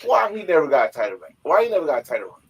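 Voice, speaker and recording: Excitable man talking wrestling. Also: on the high side, very fast, creaky, breathy edge, rough recording. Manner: excitable, loud, often acts out wrestlers' lines. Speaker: podcast co-host. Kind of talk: casual chat.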